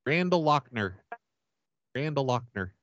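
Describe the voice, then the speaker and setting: Deadpan stammering prank-calling man. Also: mid-range voice, a little slow, dry recording, muffled recording. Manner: stammering, mock-earnest, deadpan absurd requests. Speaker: prank caller host. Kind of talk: prank phone call.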